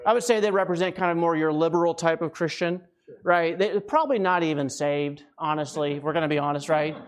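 A man from the United States with a voice on the high side preaches a conversational sermon as a guest at a fairly quick pace. He often checks in with the congregation, keeps asking "right?", and sounds a bit winded.

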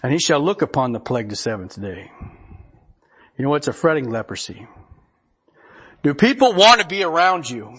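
A male pastor giving a casual, folksy sermon, his voice a touch higher than most men's. It has a husky, rough edge. He chuckles often and reads scripture aloud. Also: big pitch swings, normal speed, long pauses, a bit bright. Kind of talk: conversational sermon.

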